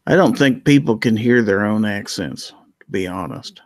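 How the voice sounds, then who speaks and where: A man's voice: fairly low pitch, moderate pace, darkish tone, no room sound, studio quality. A man guest in a casual chat, talking in laid-back, drawling asides.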